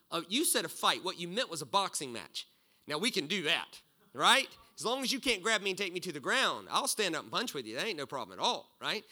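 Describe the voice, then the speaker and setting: A middle-aged man preaching a sermon, telling a story with loud bursts and low asides. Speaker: pastor.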